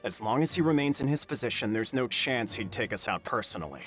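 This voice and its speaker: A man's voice: mid-range voice, animated, quick pace, fairly bright tone, faint music behind, natural voice. An actor playing a smug, cold male conspirator in a video game, dismissive and calculating. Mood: scheming.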